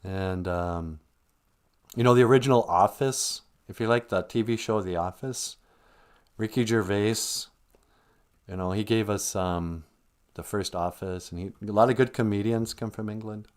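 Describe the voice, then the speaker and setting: A man's voice: on the low side, a little slow, clean tone. A man hosting a casual livestream who rambles, chuckles and reads out viewer comments between tangents. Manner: rambling, chuckling, animated asides. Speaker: livestream host.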